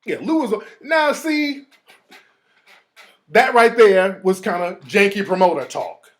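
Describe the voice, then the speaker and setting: A man with a high-pitched voice hosts a show at a measured pace. Speaking in a casual monologue of streetwise slang, he imitates other people to drive home his point.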